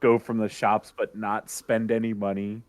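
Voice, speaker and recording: Casting: player, man, low voice, dry close mic, easygoing. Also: little pitch movement, moderate pace, no echo. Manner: casual, explains his character's actions. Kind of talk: casual tabletop play over a voice call.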